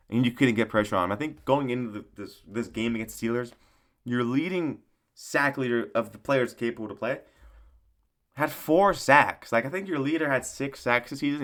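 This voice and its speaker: A man's voice: mid-range voice, fairly bright tone. A man giving a casual, profane sports recap rant in a rambling, mocking way, often laughing at his own jokes. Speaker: sports commentator.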